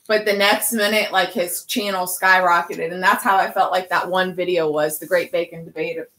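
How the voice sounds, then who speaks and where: A woman with a bright, forceful voice chats casually beside her co-host. She talks in a chatty, enthusiastic way. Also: lowish voice, fairly even intonation, moderate pace, rough recording. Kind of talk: casual chat.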